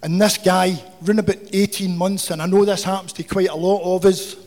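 A man's voice: high-pitched, fairly even intonation, normal speed, a little mellow. A man telling a humorous, profane recovery story to a meeting. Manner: swearing, humorous, confessional. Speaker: recovery speaker. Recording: hall with long reverb.

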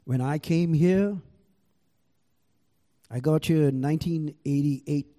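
Speaking slowly in a fairly high, dark-toned voice, this older Indian-accented man tells a live crowd about his recovery. It's a personal share at a recovery meeting, delivered with rough language and a storyteller's edge.

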